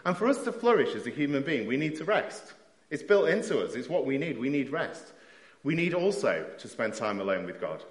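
A man preaching a sermon, telling stories with self-deprecating asides in a lively way. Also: mid-range voice, a little fast. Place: church hall. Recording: roomy church hall echo.

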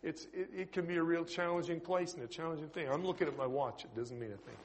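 A middle-aged man with a Canadian accent, preaching a sermon as an Anglican priest and prison chaplain, chatty and lively, swinging between loud bursts and quiet asides. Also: fairly high pitch, quick pace. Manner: lively, conversational preaching with sudden loud bursts and soft drops.

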